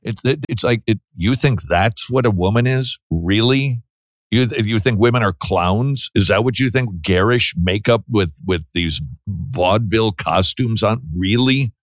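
A man with a lowish voice hosts a call-in radio show, speaking bluntly and preachily. He stumbles and restarts his sentences as he goes. His voice is close and dry, with no room sound. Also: a little slow, no room sound. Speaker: radio host.

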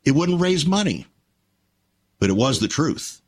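An older man hosting a Christian radio talk show, telling stories in a measured, reflective way. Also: fairly high pitch, very animated.

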